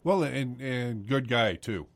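A man hosting a morning radio news interview, talking haltingly with many fillers and restarts. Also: medium pitch, creaky, no echo.

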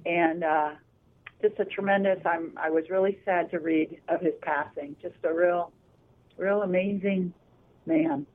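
A woman's voice: lowish voice, measured pace. Female attorney guest, anecdotal and chatty, heard through a tinny phone line. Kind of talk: casual radio interview by phone. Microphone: telephone.

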